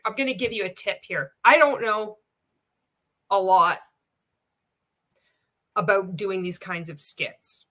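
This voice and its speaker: A woman's voice: medium pitch, animated, slow, pauses often, a bit bright. A woman giving casual reaction commentary as a vlogger, blunt and sarcastic, swearing often and laughing between remarks.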